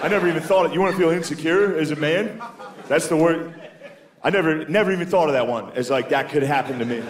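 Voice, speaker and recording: A man doing a stand-up comedy set, profane and self-mocking, jumping into high voices when he quotes people. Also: fast. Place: comedy club stage with a live audience. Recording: roomy club with loud crowd laughter.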